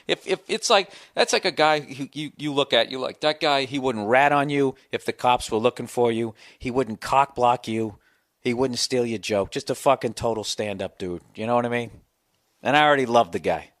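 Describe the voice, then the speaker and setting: A man in his forties, a comedian hosting his podcast, telling a long profane story in a ranting, animated way. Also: medium pitch, no echo, studio quality. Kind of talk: casual storytelling monologue.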